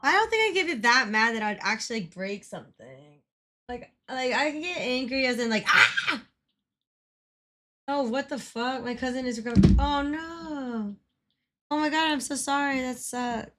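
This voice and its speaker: A woman's voice: high voice, lively intonation, normal speed, a bit bright, slight background noise. Chatty, swearing young streamer woman. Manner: chatty and profane, greets viewers, frequent laughs. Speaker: livestreamer. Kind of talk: casual stream chat. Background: game music.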